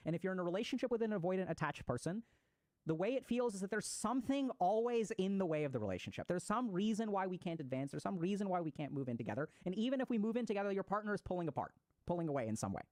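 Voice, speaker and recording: This mental health speaker races through a recorded talk on attachment styles, very animated, explaining psychological ideas and acting out everyday examples. His voice is high-pitched and a little mellow, and the recording is dry.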